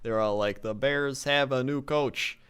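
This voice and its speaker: A man's voice: mid-range voice, unhurried, fairly bright tone, clean tone. A man co-hosting a comedy podcast, reading quirky news items and tips aloud as the straight man. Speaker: podcast co-host. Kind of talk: casual comedic banter, reading articles aloud.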